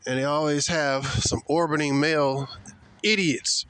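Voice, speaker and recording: A man's voice: a little high, steady tone, a little slow, fairly bright tone, clear, resonant tone, no echo. A man giving a blunt, slangy, scornful ranting commentary. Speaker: commentary vlogger.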